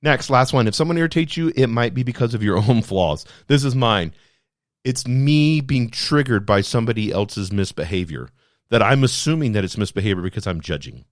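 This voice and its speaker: A man hosting a podcast, speaking in an energetic, emphatic motivational style full of rhetorical questions. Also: mid-range voice, a little fast, no echo, clean studio sound. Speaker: podcast host. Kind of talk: motivational solo talk.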